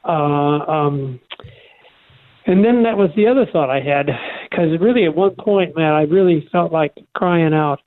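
An older man co-hosting a faith talk show, speaking earnestly and haltingly with many restarts. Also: fairly high pitch. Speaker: radio show co-host. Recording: tinny phone line.

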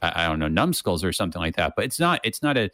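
A man's voice: low voice, big pitch swings, racing, bright, forceful tone, no echo, clean studio sound. A man co-hosting a casual Bible discussion, thinking aloud with frequent restarts and checking in with "right?". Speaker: co-host of a Bible study podcast.

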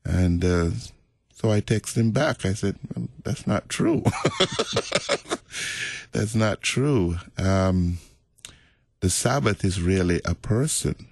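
A middle-aged man, a pastor, talking about faith in a relaxed, reflective, storytelling way. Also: low voice, slow pace, gravelly, long pauses, no echo, clean studio sound. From Jamaica. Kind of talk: casual faith conversation.

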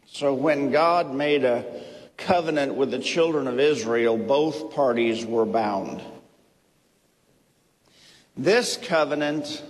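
A man teaching from the Bible in a sermon, speaking deliberately, repeating key phrases and checking in with "okay?". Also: mid-range voice. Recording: long reverb of a hall.

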